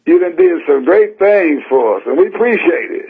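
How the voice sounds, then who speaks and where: A man's voice: on the high side, sing-song, moderate pace, slightly rough. An older man from San Francisco preaching a sermon in a folksy, emphatic way, repeating his points plainly. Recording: tinny phone-like radio broadcast.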